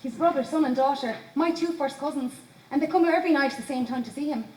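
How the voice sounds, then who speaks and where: An actress playing a brisk Irish countrywoman who fusses and gives orders, on stage. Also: high-pitched, darkish tone, lightly acted. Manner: brisk, fussing, commanding. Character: brisk young countrywoman nursing her ailing father. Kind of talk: amateur stage play. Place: stage in a hall. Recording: echoey hall from far off, faint noise.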